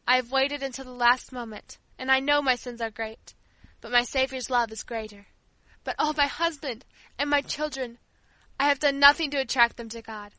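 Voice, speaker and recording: A woman's voice: high-pitched, fairly even intonation, moderate pace, bright, forceful tone, dry recording, low-quality recording. A woman voicing a devoted old female family servant who speaks tenderly and earnestly.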